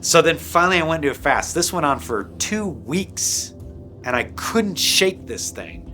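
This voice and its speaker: A man with a bright, forward voice recounts a personal testimony in an intense, rambling way, tripping over restarts and filler words. At the heaviest points his voice sinks to a hushed low, and faint music plays underneath. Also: big pitch swings, normal speed. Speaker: guest sharing a personal testimony. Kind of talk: emotional first-person testimony.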